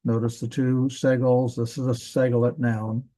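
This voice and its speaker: Mellow-voiced man teaching Hebrew grammar. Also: mid-range voice, level tone, normal speed, low-quality recording. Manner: casual, thinking aloud with self-corrections. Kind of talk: classroom grammar lesson.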